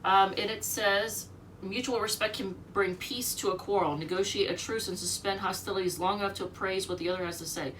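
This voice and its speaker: A woman's voice: mid-range voice, fairly even intonation, fairly quick, a bit bright, far from the mic, a little hiss or hum. A sick, short-of-breath woman giving a rambling, chatty tarot reading at home, reading the card meanings aloud. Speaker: tarot reader.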